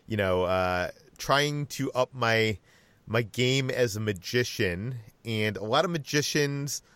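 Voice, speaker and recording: A man hosting a casual podcast, relaxed and rambling with fillers. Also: mid-range voice, smooth, dry recording. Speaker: podcast host, editor-in-chief. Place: Los Angeles.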